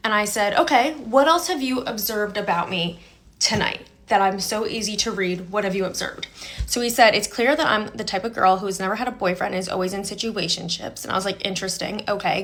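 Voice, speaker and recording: A woman's voice: mid-range voice, fairly bright tone. A young woman from New Jersey tells the story of a bad date indignantly, quoting herself and him. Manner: indignant, quotes both sides with "I was like". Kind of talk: casual storytelling video.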